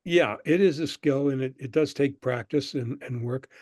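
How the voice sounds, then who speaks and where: An older man, a guest on an interview show, telling relaxed stories about his past and acting out the people he quotes. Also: medium pitch, moderate pace, no room sound, studio quality. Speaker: guest, screenwriter and professor. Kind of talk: conversational interview storytelling.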